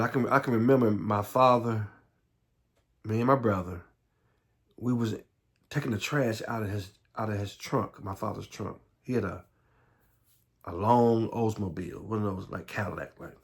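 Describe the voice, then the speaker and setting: A middle-aged man with a Southern American accent, telling his life story in a halting way, with many repeats and restarts, sometimes dropping to a low murmur. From Southern United States. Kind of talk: personal life story monologue.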